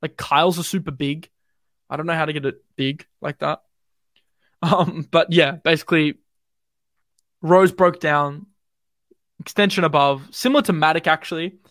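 A young man with an Australian accent talks quickly and loosely on a live stream, full of fillers and slang. His voice sits a bit high. The sound is dry and close, with no room around it. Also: no room sound. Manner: relaxed, rambling, quick and slangy with many fillers. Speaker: crypto streamer. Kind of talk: casual live-stream chat and chart commentary.

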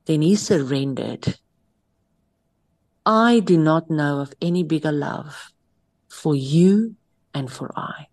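Slow, low-voiced woman preaching. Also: animated. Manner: switches between English and Afrikaans phrases; soft, drops to near whisper at times. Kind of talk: sermon storytelling.

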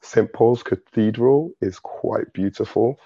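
There's no room sound here and the audio is lo-fi. A young London man, British-accented with Nigerian touches, chats casually as a guest and laughs a lot, his lowish, mellow voice slow, with vocal fry and a breathy edge.

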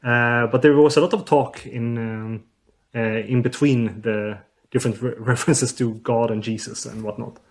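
Male researcher, guest, halting, lots of uh's, mid-pitched voice. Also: steady tone. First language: Swedish. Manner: hesitant, many uh fillers and restarts. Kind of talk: explaining in an interview.

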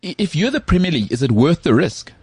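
A man co-hosting a podcast, talking football in an animated, joking way. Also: on the high side, slightly rough, no echo. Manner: animated, jokey, does quick impressions of others. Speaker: podcast co-host. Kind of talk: casual sports chat.

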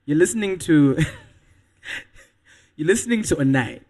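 A man hosts a casual radio show and tosses out playful, animated questions. His voice sits a little high for a man and swings widely in pitch. A husky texture runs through it. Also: slow. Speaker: radio host. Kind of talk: casual banter.

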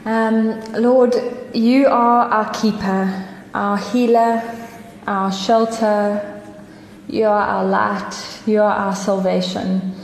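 A South African woman leading a spoken prayer in measured, repeated phrases. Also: medium pitch, steady tone, creaky. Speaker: prayer leader. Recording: echoey hall with faint noise.

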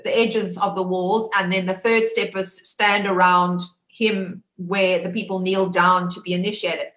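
A woman's voice: medium pitch, fairly bright tone. A woman from Africa, telling her own story as a survivor, emphatic and full of restarts. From South Africa. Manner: emphatic, repeats words, many restarts. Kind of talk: personal testimony. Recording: roomy echo.

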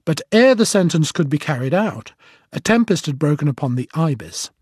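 A man with a somewhat high voice reads a formal, report-like passage in scripted narration. The sound is dry and close, with no room around it. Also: sing-song, normal speed, darkish tone, slightly rough, no echo. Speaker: audiobook narrator.

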